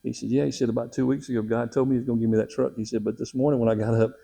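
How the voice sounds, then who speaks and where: A man's voice: mid-range voice, level tone, racing, creaky, dark tone, husky. A middle-aged man, a missionary, telling a personal testimony in a folksy, emotional way with frequent laughs.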